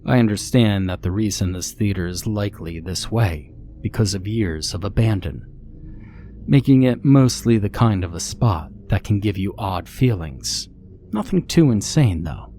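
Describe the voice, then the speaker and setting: A man narrating a scary story in a measured, matter-of-fact way, in scripted horror narration. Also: lowish voice, expressive, dark tone, a little hiss or hum.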